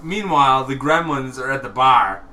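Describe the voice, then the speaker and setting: Profane bright-voiced man in echoey room. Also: mid-range voice, normal speed. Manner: profane, laughing, acts out quotes. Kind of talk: casual chat.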